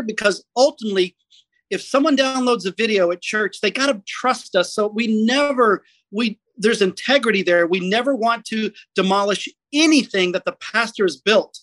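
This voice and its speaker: A middle-aged man telling a story as a podcast guest, lively and self-deprecating. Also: sits high, no room sound, low-quality recording. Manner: animated, self-deprecating storyteller acting out quotes. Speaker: guest, comedy skit writer.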